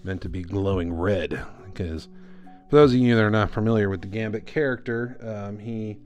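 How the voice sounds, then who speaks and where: A man streaming a live drawing session, talking through his work in a relaxed, rambling way with lots of fillers. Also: fairly low pitch, normal speed, faint music behind. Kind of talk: casual commentary while drawing.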